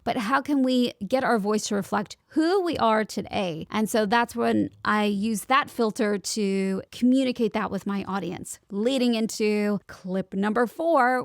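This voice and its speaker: A woman's voice: mid-range voice, vocal fry, no echo, clean studio sound. A young woman hosting a solo podcast, giving upbeat, chatty advice as a voiceover actor.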